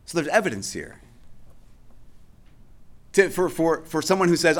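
A man's voice: fairly high pitch, big pitch swings, normal speed, long pauses. A male pastor preaching a sermon in a conversational way, often restarting and repeating phrases for emphasis.

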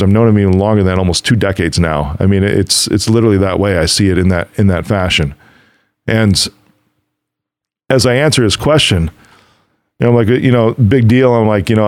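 A middle-aged man hosts a podcast in a lowish, darkish voice with no echo, delivering a casual motivational monologue. He tells stories and acts out conversations, quoting both others and himself, and swears now and then.

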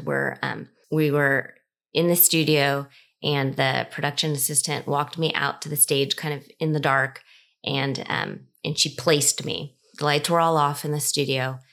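A middle-aged woman telling a personal story in an animated way, acting out the voices in it. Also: deep voice. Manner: animated, acts out quoted voices. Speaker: cookbook author.

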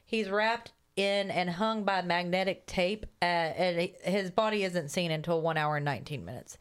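A woman co-hosting a horror movie podcast, reading a kill count and trivia in a brisk, list-like delivery. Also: fairly low pitch, clean tone. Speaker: podcast co-host.

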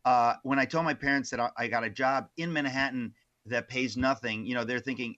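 Male author guest, bright forceful voice, slightly dull lo-fi sound, animated storyteller. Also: mid-range voice, brisk. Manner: animated, many restarts and asides. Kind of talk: casual interview storytelling.

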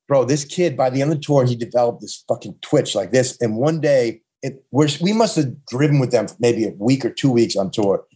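A man's voice: medium pitch, animated, brisk, hardly any pauses, mellow, breathy edge. A man with a New York accent telling rambling, profane road stories from his touring days in a casual chat, full of restarts. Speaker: touring punk musician guest. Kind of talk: casual storytelling.

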